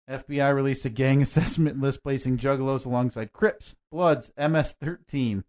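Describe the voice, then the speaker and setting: A young man co-hosting a podcast, teasing his partner with deadpan quips in casual banter. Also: mid-range voice, normal speed. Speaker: podcast co-host.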